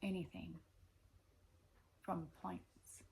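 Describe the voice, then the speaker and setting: A woman giving a rambling spiritual monologue, meandering and repetitive, slowing down to stress her points. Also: on the low side, flat delivery, gravelly, darkish tone, low-quality recording. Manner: meandering and repetitive, with slow emphatic stretches. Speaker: spiritual speaker.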